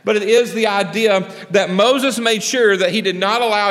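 A man pastor delivers a sermon in a high, bright-pitched voice. He speaks conversationally, tossing questions to the congregation and acting out the people of his story. The sound carries a long echo from a large hall. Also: brisk, hardly any pauses. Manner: animated preaching, drops low and quiet for God's lines.

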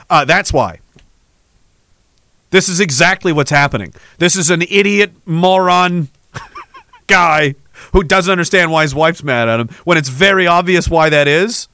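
A man ranting on his podcast. His voice sits high and sounds bright and sharp. He is angry, sarcastic and swears freely, and the sound is dry and close. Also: unhurried, dry recording. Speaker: podcast host.

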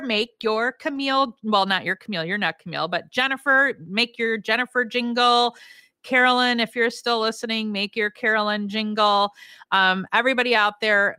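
A woman's voice: mid-range voice, sharp tone, smooth, dry recording, studio quality. A woman hosting a podcast, giving enthusiastic self-help advice, laughing often and acting out quoted lines. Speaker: podcast host. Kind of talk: upbeat coaching talk.

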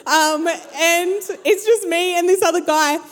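A woman's voice: extremely high pitch, a little slow. A young adult woman, telling a story to a live audience and acting out her friends' voices. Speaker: speaker. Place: large hall with an audience. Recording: long hall reverb.

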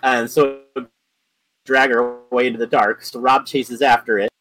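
A man's voice: mid-range voice, level tone, normal speed, a bit bright, rough recording. A man co-hosting a podcast, casually retelling a story in a rambling way, full of ums and likes. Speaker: podcast co-host.

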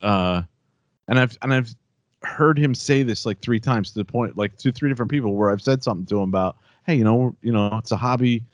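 A man's voice: mid-range voice, fairly quick, no room sound. Heated, rambling man telling a story. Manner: rambling, with many restarts and fillers. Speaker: podcast host. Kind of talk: casual chat, storytelling.

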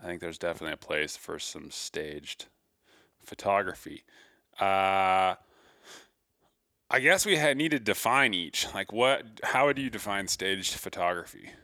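A man co-hosting a podcast on hunting photography, chatting in a relaxed, joking way and sometimes searching for words. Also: low voice, measured pace, dry recording, clean studio sound. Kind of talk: casual podcast chat.

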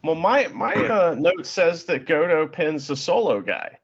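A man's voice: fairly high pitch, animated, measured pace, vocal fry, slightly rough, lo-fi sound. A man co-hosting a podcast, chatting about wrestling and laughing often. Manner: laughs often, swears casually. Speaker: podcast co-host. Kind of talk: casual wrestling recap chat.

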